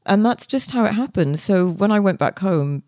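A young woman, a guest author, telling her story in a relaxed interview, chatty with many fillers and restarts. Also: mid-range voice, moderate pace, no echo, clean studio sound.

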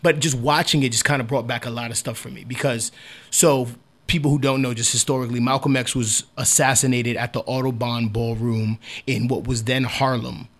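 A man's voice: medium pitch, steady tone, fairly quick. A man from New York co-hosting a podcast, chatting casually and telling stories. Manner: storytelling, laughs easily. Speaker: podcast co-host.

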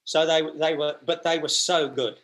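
A man's voice: a little high, steady tone, normal speed, a bit bright. A man, telling long stories as an interview guest and often restarting and repeating his words. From Australia. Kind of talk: storytelling in a conversational interview.

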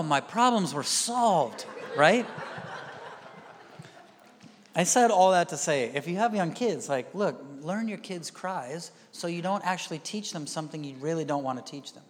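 High-voiced man preaching in a hall. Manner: storytelling, acts out quoted voices; asks the crowd "are you with me?". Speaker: pastor. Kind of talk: sermon. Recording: long hall reverb.

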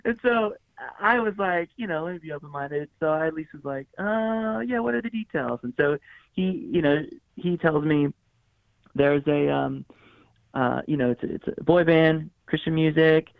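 His voice sits on the high side, smooth and moderately paced, captured dry through a thin, phone-like connection. He's a musician being interviewed, spinning meandering anecdotes with frequent fillers, restarts and acted-out quotes.

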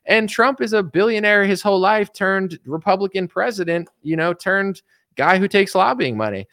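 A man in his thirties delivers an exasperated, casual monologue as a political commentator. His voice sits a touch high and the sound is dry and close, with no room around it. He vents and rants, slipping into mocking voices of his critics. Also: lively intonation, moderate pace, a bit bright, no room sound. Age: 30s. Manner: exasperated ranting, mocking others in put-on voices.

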